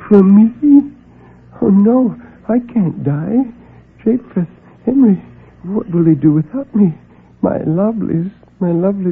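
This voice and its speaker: A man voicing a frail, excitable old eccentric in an old radio drama. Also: high voice, creaky, husky, voice pushed up, full character voice. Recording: tinny old radio broadcast.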